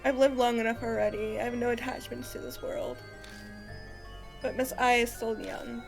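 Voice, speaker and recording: A woman reading the lines of an elderly female spirit medium in a game, measured and composed. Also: a little high, flat delivery, gravelly, music in the background. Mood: calm.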